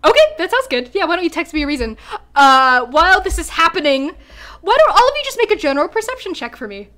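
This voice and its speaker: Casting note: high-pitched woman running a tabletop game, lively narration. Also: quick pace. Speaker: game master.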